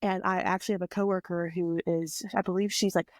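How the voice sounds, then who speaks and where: A woman's voice: on the low side, brisk, no room sound, clean studio sound. Chatty young woman telling a story. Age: 20s. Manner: chatty, animated retelling with quoted voices. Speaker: podcast guest. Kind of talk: casual storytelling.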